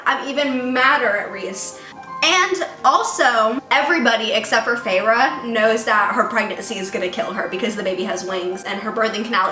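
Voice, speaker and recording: A woman's voice: mid-range voice, far from the mic. A woman giving a casual, ranting book review, chatty and worked-up, with lots of "like"s. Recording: echoey room with music behind.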